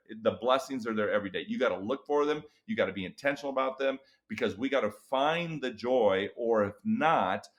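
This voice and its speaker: A middle-aged man, an experienced educator, talking in a podcast interview and acting out tired teachers with big vocal swings. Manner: animated storytelling, acts out weary teachers with big pitch jumps. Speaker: guest educator and author.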